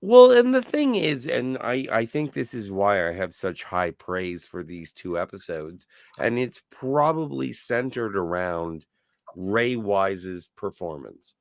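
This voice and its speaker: A man's voice: fairly low pitch, very animated, takes it slowly, gravelly, no echo, studio quality. A man co-hosting a podcast, talking in a thoughtful, searching way with fond praise. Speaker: podcast co-host. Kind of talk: casual podcast discussion.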